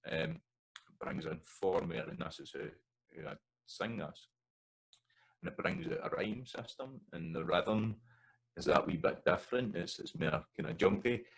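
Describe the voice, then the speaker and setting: Scottish male tutor, deep voice with a gravelly edge, thoughtful and halting, breaks into recited song lines. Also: lively intonation, poor audio. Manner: thoughtful, halting explanation with many restarts and fillers. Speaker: language teacher. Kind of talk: educational explanation with sung and recited examples.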